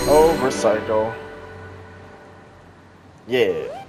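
A man's voice: lowish voice, big pitch swings, measured pace, pauses often, over loud music. Sarcastic man doing game commentary. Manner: sarcastic and swears freely, reacts loudly. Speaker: gaming channel host. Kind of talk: casual let's-play commentary.

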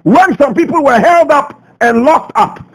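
Ghanaian radio guy ranting, high voice, pitch all over the place, lots of rhetorical questions. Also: expressive, measured pace, rough recording. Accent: Ghanaian English. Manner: passionate, rhetorical questions, swinging from loud to low. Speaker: radio host. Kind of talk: radio commentary monologue. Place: radio studio.

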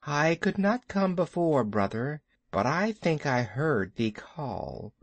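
A man doing a slow hissing ancient python. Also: on the high side, big pitch swings, no room sound, full character voice. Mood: menacing. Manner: slow, hissing, drawn-out speech. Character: huge ancient male python, calm and menacing. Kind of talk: storybook character voice.

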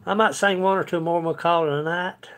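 A man's voice: sits high, steady tone, a little fast, a bit bright. A man hosting a live music stream, chatting with viewers between songs in a folksy, laughing way over his acoustic guitar. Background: his own acoustic guitar.

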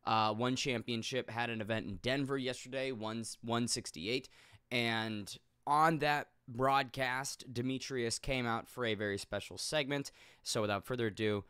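A man commenting casually on a video, blunt and animated, swearing now and then. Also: mid-range voice, moderate pace, clean tone, no room sound, clean studio sound. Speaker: YouTube commentator.

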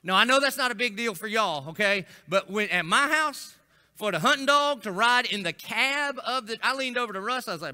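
A middle-aged man, preaching a folksy, animated storytelling sermon as a senior pastor. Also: extremely high pitch, brisk, clean tone. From Florida. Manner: folksy, animated storytelling with acted-out quotes and rising intensity.

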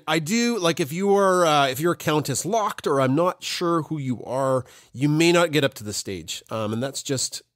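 An easygoing man hosts a podcast and runs a live audience Q&A, laughing often. His voice sits a little high, and the sound is dry and close. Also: dry recording. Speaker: podcast host moderating a Q&A. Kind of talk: casual live audio chat.

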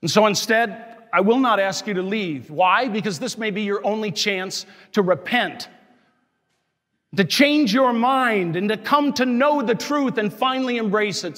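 Impassioned priest preaching in reverberant church. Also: male voice, high-pitched, unhurried, fairly bright tone. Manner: impassioned, scolding, emphatic preaching. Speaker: Catholic parish priest. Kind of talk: sermon.

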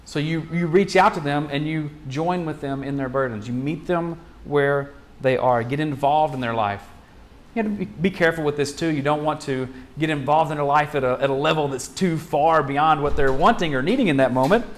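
A male pastor preaching in a loose, conversational way. His voice sits a little higher than most men's, and he leans on rhetorical questions and quick restarts as he talks through the sermon.

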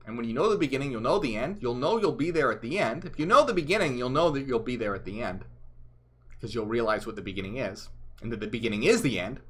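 A man hosting a spoken explainer, talking earnestly and emphatically, often trailing off softly. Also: mid-range voice, animated, fast, slightly rough. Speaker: channel host.

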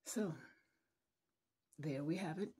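Tearful, slow-speaking middle-aged woman. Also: low voice, mellow, husky. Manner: slow, tender, halting, drops to a whisper. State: emotional, holding back tears. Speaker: mother addressing her adult son. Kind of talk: heartfelt personal video message.

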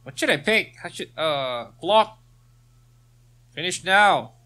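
Man for a let's play: slightly higher voice, unhurried, joking and laughing over the quests. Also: expressive, bright, forceful tone. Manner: reads quest text aloud, joking and laughing. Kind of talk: casual gameplay commentary.

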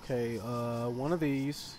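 A man doing live gameplay commentary as a streamer, excitable and swearing as he yells at the game. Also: medium pitch, a little slow, noisy background. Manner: excitable, cursing and yelling at the game. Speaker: gaming streamer.

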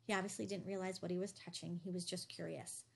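Brief: woman voicing tense middle-aged dad, low hushed delivery, gravelly edge. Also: little pitch movement, fast talker, a little hiss or hum. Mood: grim. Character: grim middle-aged father, tense and guarded.

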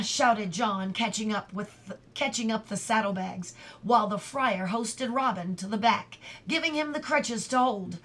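A woman reading a storybook aloud slowly and carefully, sometimes dropping to a whisper in the quiet parts. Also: fairly high pitch. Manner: slow, careful, drops to a whisper for quiet moments. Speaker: reader.

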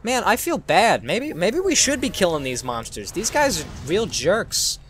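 Man gaming commentary, lively swooping voice, slightly high, jokey, faint game music under. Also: a little slow, hardly any pauses, slight background noise. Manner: animated, jokey, exclaims at the game. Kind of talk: let's-play commentary.

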